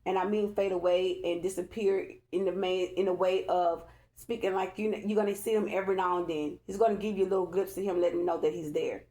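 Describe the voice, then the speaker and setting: A woman's voice: lowish voice, fairly even intonation, fast talker, warm tone. A woman giving a casual spiritual tarot reading to her viewers, chatty and emphatic, repeating herself and constantly checking in with them. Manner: chatty and emphatic, keeps addressing viewers and asking "okay?"; repeats herself, loose colloquial phrasing. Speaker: tarot card reader.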